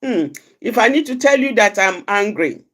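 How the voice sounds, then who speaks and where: A woman's voice: medium pitch, lively intonation, moderate pace, fairly bright tone. A woman giving an earnest, reflective talk for an outreach program, often repeating phrases for emphasis. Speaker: outreach speaker. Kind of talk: personal reflective talk on anger.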